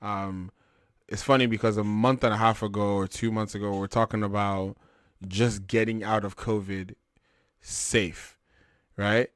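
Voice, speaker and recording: A man's voice: on the low side, unhurried, no room sound, clean studio sound. Laid-back young man hosting a chat show. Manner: animated, laid-back slang, many fillers. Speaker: podcast host. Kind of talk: casual chat.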